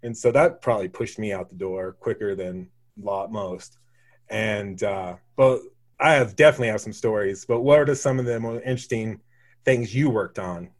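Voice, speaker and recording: A man from Wyoming with a slight Wyoming drawl, hosting a casual chat and telling stories in a lively, storytelling way. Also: lowish voice, moderate pace. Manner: storytelling, animated impressions of others. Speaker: podcast host, former news station worker.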